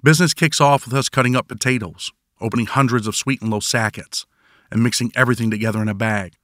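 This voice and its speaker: A man's voice: mid-range voice, steady tone, quick pace, fairly bright tone, no room sound. A man narrating his own prison memoir in first person, with dry, wry storytelling.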